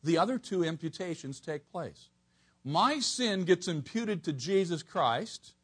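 A man preaching an expository sermon to a congregation, animated, swinging from soft asides to near-shouted emphasis. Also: a little high, slightly rough.

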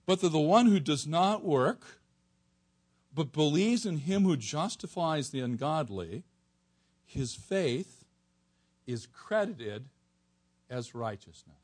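Animated husky-voiced male preacher. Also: fairly high pitch, slow, long pauses. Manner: animated, swings from soft to near-shouting for emphasis. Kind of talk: expository sermon.

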